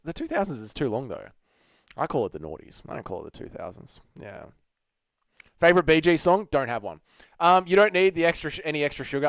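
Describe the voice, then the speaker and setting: An Australian man hosting a livestream, hungover and low on energy, chatting casually, swearing, and reading viewer messages. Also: no room sound, clean studio sound. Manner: laid-back, sweary, laughs easily. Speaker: livestream host.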